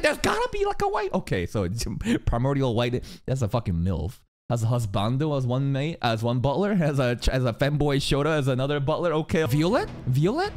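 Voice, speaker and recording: A man reacting live to an anime episode, excitable and swearing, often shouting questions at the screen. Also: mid-range voice, fairly quick, faint music behind.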